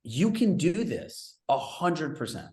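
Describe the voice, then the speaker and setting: A man's voice: a little high, very animated, dark tone, reverberant. Conversational man coaching a group. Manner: storytelling with quick asides; conversational and direct. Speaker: real estate business coach. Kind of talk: live group coaching talk.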